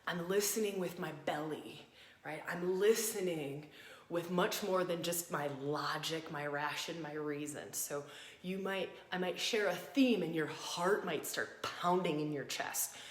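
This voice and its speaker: A woman teaching embodied astrology, guiding listeners through a practice in a gentle, inviting way and repeating phrases for emphasis. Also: on the low side, a little slow. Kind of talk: guided practice talk to a live audience. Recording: roomy echo.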